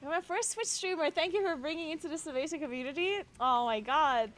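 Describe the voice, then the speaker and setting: A woman's voice: high voice, a little fast, fairly bright tone. A woman streamer chatting casually on a live stream into a streaming microphone, laughing often and swearing freely as she talks in loose restarts. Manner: giggly, breaks into frequent laughter. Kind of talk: casual livestream chat.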